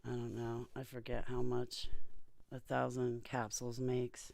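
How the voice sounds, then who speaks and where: A woman's voice: extremely low pitch, completely flat delivery, unhurried, gravelly, darkish tone. A woman chatting on a video call in a rambling, blunt and emphatic way. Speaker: vlogger. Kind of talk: casual chat on a video call.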